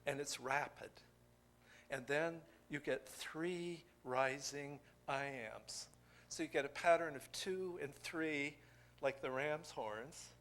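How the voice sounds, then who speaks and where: An older man giving a poetry craft lecture to an audience, musing and digressive, thinking aloud with pauses. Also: on the high side, a bit bright.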